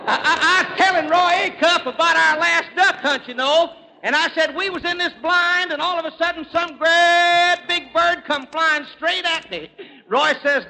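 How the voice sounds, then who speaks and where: A man's voice: extremely high pitch, a little slow, bright, forceful tone. A man telling rural hunting gags as a stage comedian, folksy, chuckling at his own jokes and stammering on restarts. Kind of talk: rapid-fire rural stand-up gags. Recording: echoey hall with faint noise.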